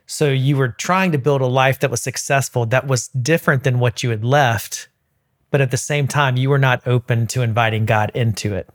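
A male podcast host calmly summing up his guest's story before asking a question. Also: mid-range voice, moderate pace. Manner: calm, summarizing the guest's story back to him. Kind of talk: interview recap.

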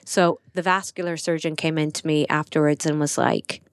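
Woman, interview guest: low-pitched, earnest storyteller, dry close-miked sound. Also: moderate pace, no room sound. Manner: earnest, animated retelling with frequent "like" fillers. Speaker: podcast guest. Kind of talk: personal storytelling in conversation.

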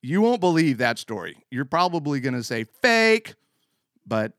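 A man hosting a show, telling a funny personal story in an animated way, often laughing as he talks. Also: mid-range voice, brisk, no room sound, clean studio sound. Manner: animated, laughs mid-sentence. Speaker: show host. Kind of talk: comic storytelling monologue.

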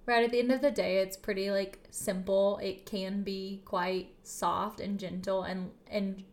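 With a microphone on the table before her, a woman co-host chats on a casual podcast in her home kitchen. She sounds earnest and reflective, using many fillers, in a mid-range, level voice at a slightly slow pace.

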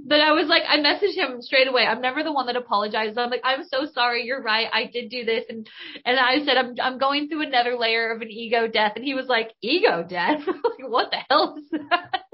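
A woman's voice: on the high side, fast. A woman hosting a podcast and giving an enthusiastic spiritual coaching talk, casual and bubbly with mild slang. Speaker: podcast host and business coach. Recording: dull lo-fi recording.

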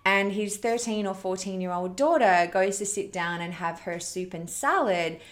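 A woman's voice: mid-range voice, moderate pace. A woman hosting a parenting challenge, telling a story to her online audience in an earnest, heartfelt, conversational way.

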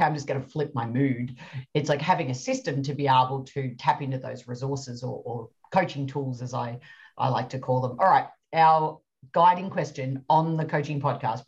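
A woman's voice: a bass voice, darkish tone. An Australian woman hosting an interview podcast, upbeat and encouraging, asking follow-up questions. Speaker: podcast host. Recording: dull lo-fi audio.

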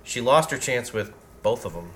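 A man's voice: medium pitch, lively intonation, moderate pace, a bit bright. A man co-hosting a casual fan chat who states his views firmly. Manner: opinionated, emphatic. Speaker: podcast co-host.

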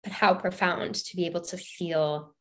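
A woman's voice: fairly low pitch, a little slow, noisy background. A woman hosting a podcast who works with clients, responding to her guest in a reflective, affirming way. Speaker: podcast host and healing practitioner. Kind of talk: conversational interview.

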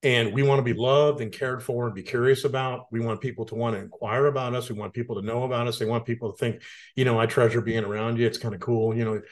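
A man's voice: mid-range voice, steady tone, fast. A middle-aged man co-hosting a podcast, talking in a reflective, earnest way. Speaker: podcast co-host. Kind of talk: casual conversation.

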